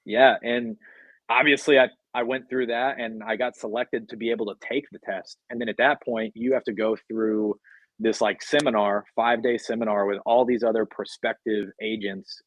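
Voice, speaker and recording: A man's voice: on the low side, steady tone, normal speed, no room sound, dull audio. A man, a podcast guest, telling his career story in casual, rambling talk full of fillers. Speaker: podcast guest, sports agent. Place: podcast studio.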